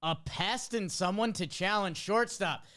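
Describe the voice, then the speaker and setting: A man's voice: sits high, unhurried, bright, forceful tone, no room sound, clean studio sound. A man hosting a live sports talk show, riffing energetically and playfully on breaking news. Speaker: host.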